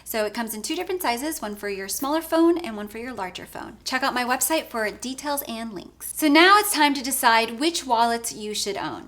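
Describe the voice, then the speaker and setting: A woman's voice: fairly high pitch, fairly bright tone. Woman giving men's style advice. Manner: clear, instructive, recommending. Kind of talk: scripted product review.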